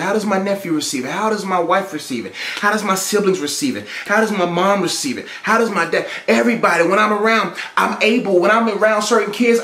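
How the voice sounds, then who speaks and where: Emphatic high-voiced man in echoey room. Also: fairly bright tone. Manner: emphatic and repetitive, preacherly. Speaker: relationship speaker. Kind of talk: motivational teaching talk. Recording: roomy echo.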